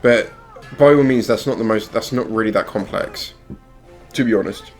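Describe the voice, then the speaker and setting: A man's voice: on the low side, moderate pace. A man from Britain co-hosting a casual chat, rambling and hesitant and laughing often. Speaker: co-host. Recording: faint music under the voice.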